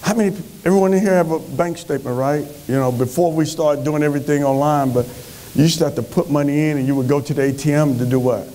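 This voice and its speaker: A man giving an energetic motivational speech on a conference stage, telling stories with animated delivery. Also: on the high side, fast. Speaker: motivational speaker.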